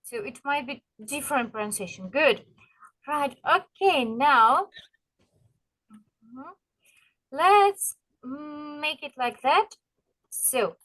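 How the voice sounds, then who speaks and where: A woman with a Russian accent, a native Russian speaker, teaching an English lesson online. She encourages her students and repeats phrases slowly to model pronunciation. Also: high-pitched, expressive, a bit bright.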